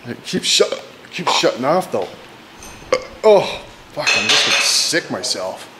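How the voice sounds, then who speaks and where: A man vlogging outdoors in the cold, talking loudly and rowdily, swearing constantly and hooting at his buddies. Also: mid-range voice, sing-song, measured pace, heavy background noise. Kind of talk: profane casual banter. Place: outdoors in the cold with a motor running.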